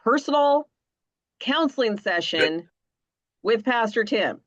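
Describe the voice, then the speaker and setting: A woman's voice: a little high, animated, takes it slowly, fairly bright tone, dry recording. A woman hosting a podcast, close to tears, her voice dry and dull like a lo-fi recording. She talks earnestly and circles around with "you know" and "like" as she sorts out her feelings. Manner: earnest, rambling with fillers. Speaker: podcast host, mother. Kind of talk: casual conversation. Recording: dull lo-fi sound.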